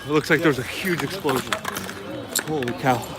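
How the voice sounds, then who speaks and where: A man's voice: mid-range voice, normal speed, a crowd in the background. A man reporting live on the scene as an independent reporter, shaken and exclaiming over and over while filming with a handheld camera outdoors. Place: outdoors on a city street. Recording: loud street noise outdoors.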